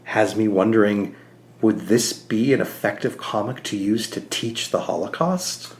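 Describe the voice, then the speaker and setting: A man's voice: on the low side, unhurried. A man co-hosting a podcast, talking earnestly and animatedly about a comic, with frequent "like" fillers. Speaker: podcast co-host. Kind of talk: casual podcast discussion.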